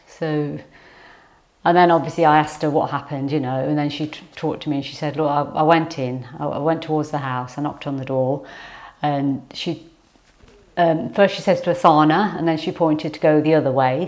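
A woman's voice: low-pitched, a little mellow. A middle-aged woman, a mother being interviewed, telling her story hesitantly with many ums and restarts. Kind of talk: casual interview.

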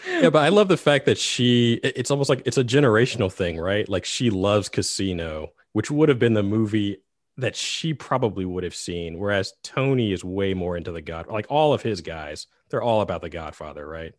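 A man's voice: fairly low pitch, animated, moderate pace, no room sound, clean studio sound. A man co-hosting a podcast in casual chat, enthusiastic and asking questions. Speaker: podcast co-host.

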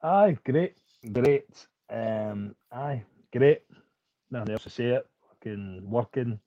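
A man's voice: medium pitch, takes it slowly, dry recording, dull audio. A Scottish man, a rugby player guest, chatting casually in a laid-back, self-mocking way. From Scotland. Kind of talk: casual chat.

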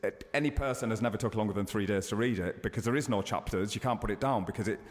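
A man in his thirties, a guest chatting in an interview, telling stories with sudden high excited bursts. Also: fast, long reverb tail. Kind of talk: casual interview chat.

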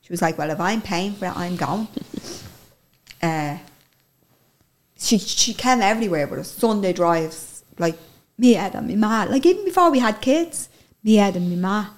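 A woman's voice: mid-range voice, animated, normal speed, pauses often. An Irish woman telling a personal story in an interview, candid and emotional, swearing casually as she talks.

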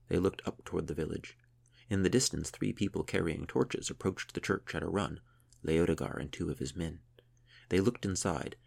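A man narrating a historical tale in a measured, steady way. His voice sits very low and carries a gravelly fry. There is a husky grain to every line. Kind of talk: audiobook narration.

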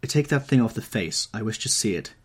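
A man's voice: on the low side, animated, brisk, breathy edge. A man voicing an anxious, haughty young aristocrat in an audiobook reading, rising to urgent alarm.

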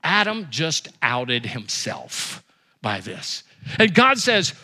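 A man preaching a sermon as pastor, with emphatic repetition and quick rises and drops. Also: high voice, sing-song, sharp tone.

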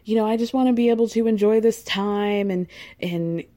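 A woman doing a frustrated young boyfriend on the edge, defensive and strained. The tone is mellow and dark. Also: mid-range voice, normal speed, lightly acted.

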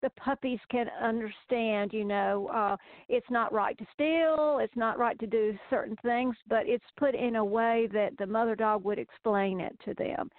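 A woman author in casual interview chat, talking haltingly with many fillers and restarts. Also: a little high, steady tone, no room sound. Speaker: children's book author, guest. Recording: phone-like remote call audio.

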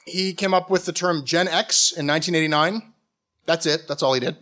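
A Canadian man giving a mock-academic comic talk in a sardonic, animated way. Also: on the high side, fairly quick. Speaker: comedic lecturer. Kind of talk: stand-up style comic talk.

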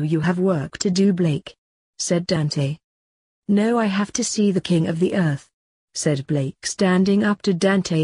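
Husky, mellow woman reading a story. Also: on the low side, no room sound. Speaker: podcast host and author reading her story. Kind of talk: storytelling narration.

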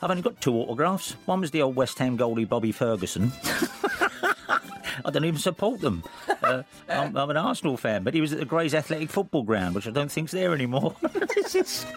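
A male radio host with a lively, bouncing delivery that rises and falls all the time. He chats playfully, wanders off on tangents and laughs easily. Faint music sits behind him. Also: medium pitch. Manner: playful, rambling, quick to laugh. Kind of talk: chatty radio banter.

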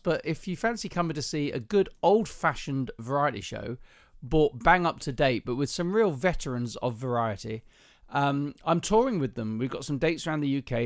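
A man's voice: mid-range voice, no room sound, clean studio sound. A man from southern England co-hosting a podcast, chatty and teasing, rambling through stories. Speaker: podcast co-host. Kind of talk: casual chat.

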